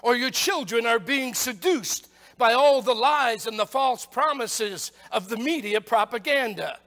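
High-voiced man preaching in a reverberant church. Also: a little slow. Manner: emphatic preaching, rising to shouts on rhetorical questions. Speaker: pastor. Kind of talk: sermon. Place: church sanctuary. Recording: long church hall reverb.

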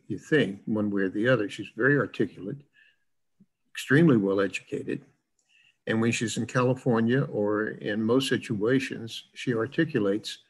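A man's voice: lowish voice, husky, rough recording. An older man from the American South with a plain Midwestern-sounding accent, lecturing in an online class in a chatty, rambling way with lots of fillers.

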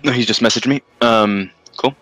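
A man's voice: mid-range voice, normal speed, fairly bright tone, no room sound, faint music behind. A man from London, casting a game tournament in a rambling, jokey way and laughing often. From London, England. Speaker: tournament caster. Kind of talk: casual game commentary.

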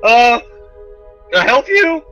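A man's voice: very high-pitched, sing-song, slow, pushed and bright, voice pushed up, exaggerated voice. A man voicing a nervous young male doorkeeper in his early twenties, speaking hesitantly. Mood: unsure. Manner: hesitant, stammering. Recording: dull lo-fi recording, faint music.

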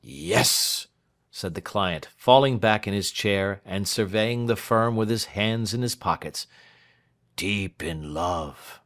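A man narrating a classic story for English learners in a slow, clear, expressive reading. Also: on the low side.

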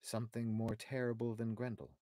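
A man reading aloud as a calm, shrewd young warrior hero who speaks in a measured, reasoning way. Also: lowish voice, no echo, clean studio sound, natural voice. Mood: steady.

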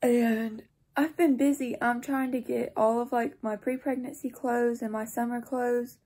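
Husky-voiced tired teenage girl. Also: fairly high pitch, fairly even intonation, measured pace, mellow. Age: teens. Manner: chatty, rambling, apologetic asides. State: sleep-deprived and tired. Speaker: vlogger. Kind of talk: casual vlog talk to camera. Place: at home.

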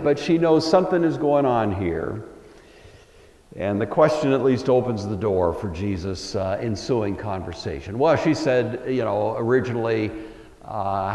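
A man lectures on scripture in an easy, reflective tone, often pausing on an "uh" as he thinks his way through the passage. His medium-pitched voice carries around a roomy hall, and a long echo trails behind each phrase. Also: lively intonation, mellow. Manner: conversational, thoughtful, many uh fillers. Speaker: Bible lecturer. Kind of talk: Bible lecture.

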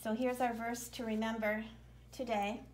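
Brief: woman, children's worship leader, gentle read-aloud storytelling, a bit high-pitched, casual fillers. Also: flat delivery, moderate pace, slight background noise, low-quality recording.

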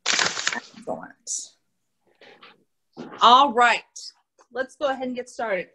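Young midwestern lady, art teacher, reading a kids book on a video call, bit high and bubbly, cheering the little ones on. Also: slow, slightly rough, low-quality recording. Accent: Midwestern American. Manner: animated and encouraging, talks to young children. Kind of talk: children's storytime read-aloud.

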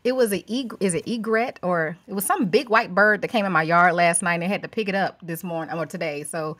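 A woman's voice: on the low side, fairly quick, a bit bright, no room sound. A middle-aged woman from Florida, raised in St. Louis, with a Southern accent. She gives cooking tips over a video call from home, folksy and laughing often, calling people honey. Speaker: guest cook.

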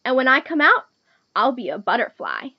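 A woman's voice: sits high, wildly swooping pitch, moderate pace, no echo, muffled recording, heavily acted. A woman voicing a proud, bragging female caterpillar in a storybook read-aloud. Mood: instructive. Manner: bragging, self-important.

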